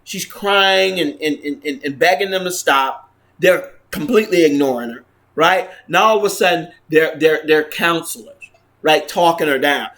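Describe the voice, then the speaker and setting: A man vlogging to camera, earnestly retelling a personal story, with halting restarts and frequent "right?" checks. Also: on the high side, fairly bright tone. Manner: earnest, retelling events with frequent 'right?' tags; halting restarts and repeated words.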